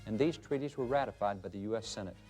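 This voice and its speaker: A man's voice: lowish voice, fast talker, a little mellow, faint music behind. A man speaking as a guest historian, emphatic and fond of lists of rhetorical questions. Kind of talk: interview answers, then scripted narration.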